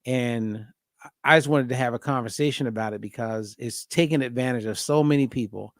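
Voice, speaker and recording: A man hosting a casual podcast conversation as a diet coach, telling a story with lively acted-out dialogue. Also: mid-range voice, fairly quick, no echo, clean studio sound. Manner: animated storyteller acting out both sides of a phone call.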